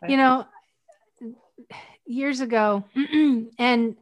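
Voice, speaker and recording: A woman's voice: high-pitched, drawn-out words, dry recording. A woman from Northwestern Pennsylvania hosting a casual interview, telling stories in a chatty way and laughing easily. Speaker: podcast host.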